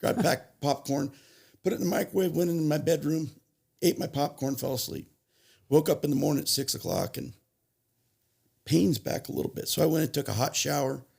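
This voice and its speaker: A man telling his recovery story as a podcast guest, halting and restarting as he goes, plainly moved as he recalls it. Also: on the high side, creaky, darkish tone, breathy edge. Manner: halting, restarts and self-corrections, emotional retelling. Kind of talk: personal storytelling.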